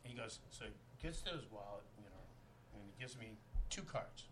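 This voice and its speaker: A man's voice: lowish voice, animated, normal speed, a bit bright, a little hiss or hum. A man, a guest actor, telling a rambling, profane anecdote full of "you know" in a podcast interview.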